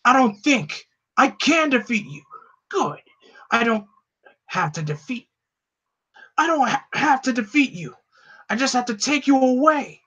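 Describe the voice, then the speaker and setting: A man's voice: very high-pitched, animated, unhurried, long pauses, a bit bright, slightly rough, lo-fi sound, pitched above the performer's own voice, full character voice. A man voicing a stubborn, earnest young male hero, with urgent, breathless delivery. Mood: defiant.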